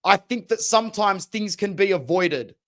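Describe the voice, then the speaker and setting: A man's voice: high-pitched, lively intonation, moderate pace, fairly bright tone. A young man hosting a football podcast, ranting passionately and opinionated in casual slang. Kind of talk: opinionated sports talk.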